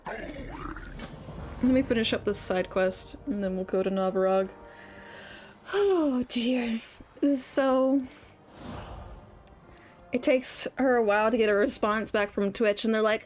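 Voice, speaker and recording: A woman who is under the weather streams a game and chats casually, ranting, swearing and laughing often. Her voice is on the high side, and she speaks unhurriedly with long pauses.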